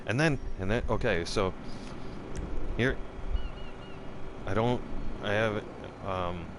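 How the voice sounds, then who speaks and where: Man, middle-aged, low-pitched, casual vlog storytelling, profane, rambling, jumps way up in pitch when quoting himself. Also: slow pace, noisy background. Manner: profane, rambling, restarts often. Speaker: gaming vlogger.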